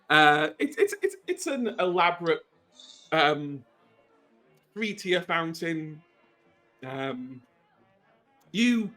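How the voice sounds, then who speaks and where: A man's voice: on the high side, pushed and bright. A man narrating a tabletop horror game as game master, rambling with many ums and wry asides.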